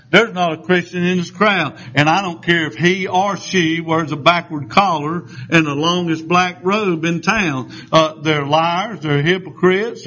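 A man preaching a fiery, emphatic sermon, often pausing for "amen.". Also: on the high side, fairly bright tone. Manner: fiery, emphatic, punctuated with amens. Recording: dull lo-fi sound.

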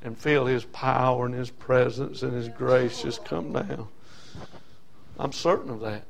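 A man's voice: mid-range voice, steady tone, unhurried, gravelly. An older man preaching a sermon, impassioned and folksy, building on rhythmic repetition.

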